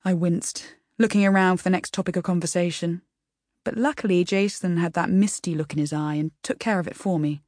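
A woman's voice: fairly low pitch, fairly even intonation, fairly quick, a little mellow, no echo, clean studio sound. Wry woman reading an audiobook. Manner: wry, self-deprecating storytelling. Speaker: audiobook narrator. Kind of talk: first-person scripted narration.

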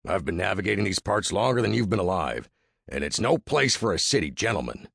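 A man voicing a gruff, skeptical older frontier trapper with a husky, gravelly voice and a mocking drawl in a storybook narration. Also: sits low, animated, fairly quick, a bit bright, no echo, studio quality, full character voice. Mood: stern.

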